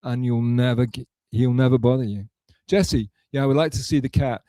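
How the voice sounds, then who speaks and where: Reading his chat out loud and responding in a loose, rambling way, this livestreamer speaks at a moderate pace in a mid-range voice. The tone is dark, and there's no room sound.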